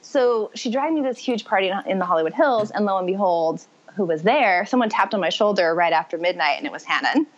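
A woman's voice: medium pitch, animated, fast talker, hardly any pauses. A woman guest telling her life story in conversation, rambling and correcting herself as she goes. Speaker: podcast guest. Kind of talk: personal testimony in conversation. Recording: muffled lo-fi audio.

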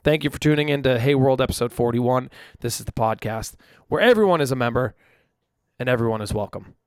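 A man's voice: medium pitch, fairly quick, darkish tone, clean tone, no echo, studio quality. A young man hosting his own podcast alone in his room, chatting casually into a microphone in a rambling, self-deprecating way. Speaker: podcast host. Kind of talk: casual solo podcast chat. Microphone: studio microphone.

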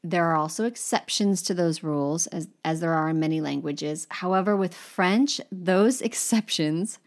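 Field: French teacher. Sex: woman. Pitch: slightly low. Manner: demonstrates French words with exaggerated accent; brisk, reassuring teaching tone. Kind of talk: instructional course overview. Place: lives in Paris.

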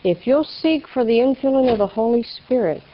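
A woman's voice: on the high side, expressive, moderate pace, a little hiss or hum. A woman giving a personal faith testimony in a folksy storytelling way, acting out the people in her story. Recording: slightly dull lo-fi recording.

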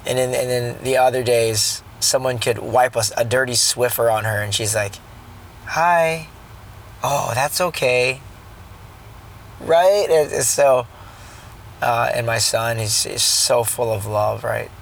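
A man in his thirties speaks from the driver's seat, his mid-pitched voice carrying a rough, creaky edge. He rambles earnestly about being a dad, stumbling over restarts and slipping into a preachy tone. A faint car hum sits underneath. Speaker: father sharing a parenting reflection. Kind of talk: casual vlog monologue turning preachy.

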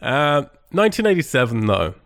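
A man co-hosting a casual film podcast, relaxed and joking, swearing now and then. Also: mid-range voice, moderate pace, no room sound, studio quality. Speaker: podcast co-host. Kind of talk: casual chat about films.

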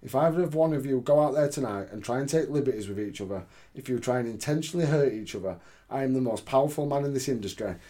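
A man's voice: medium pitch, animated, fast talker, warm tone, lightly acted. A man retelling a domineering older boss's stern lecture in his own voice. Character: domineering older male boss laying down the law.

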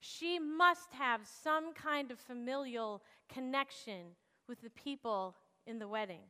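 A woman pastor preaching a sermon and telling a personal story in an animated, expressive way. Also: sits high, measured pace, clear, resonant tone, big-room sound.

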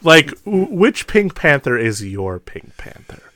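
A man's voice: on the high side, big pitch swings, unhurried, fairly bright tone, dry recording. A man co-hosting a movie podcast, chatting casually with lots of fillers and laughs. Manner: rambling, filler-heavy, frequent laughs. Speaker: podcast co-host. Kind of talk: casual chat.

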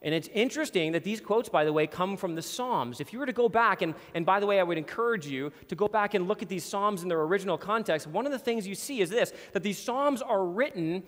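A man preaching a sermon in a church hall with a screen behind him, earnest and emphatic, slowing down to read scripture. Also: sits high, expressive, a bit bright. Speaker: pastor.

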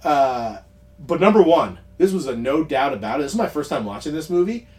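A man co-hosting a podcast, chatting casually about movies, rambling with quick asides and frequent laughs. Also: on the high side, very animated, a little mellow. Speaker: podcast co-host.

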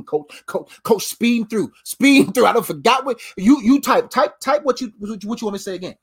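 A preacher giving a loose, casual sermon, talking in animated street slang and breaking into laughter often. The voice sounds tired after a long week but keeps pushing the energy up and down. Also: mid-range voice, brisk, slightly rough. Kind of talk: informal sermon.

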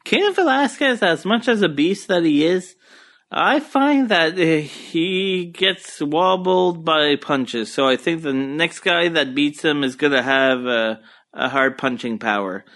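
On the high side with lively intonation, the young man talks slowly in a fairly bright tone and an Acadian French accent. Hosting a solo podcast from his couch at home in Moncton, New Brunswick, eastern Canada, he's crude, profane, rambling and easygoing.

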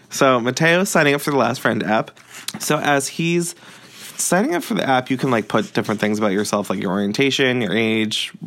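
A man's voice: lowish voice, fairly bright tone. A man talking casually about a book he is reading, rambling with lots of fillers and short laughs. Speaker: book reviewer.

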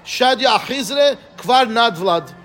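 Guy teaching talmud, high-ish voice, keeps asking right?, reads aramaic then explains it in english. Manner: quick, animated, asks listeners "right?". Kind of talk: Talmud class.

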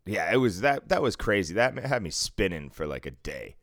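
A man's voice: sits low, brisk, dry recording, clean studio sound. A man in his fifties from Cambridge with a Boston accent, swearing freely while telling stories in a casual chat. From Cambridge, Massachusetts. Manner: profane, animated storytelling.

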